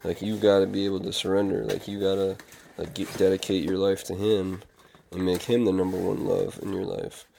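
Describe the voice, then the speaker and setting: A man's voice: deep voice, level tone, a little fast, gravelly, warm tone, a little hiss or hum. A man talking in a casual confessional monologue, rambling and earnest, with many fillers and restarts. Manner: earnest, reflective. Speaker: vlogger.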